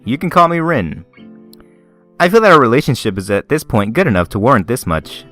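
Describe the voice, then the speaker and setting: A man reading lines for an odd, detached young woman in a visual novel, flat and unhurried. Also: mid-range voice, soft background music. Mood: deadpan. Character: spacey, deadpan young woman.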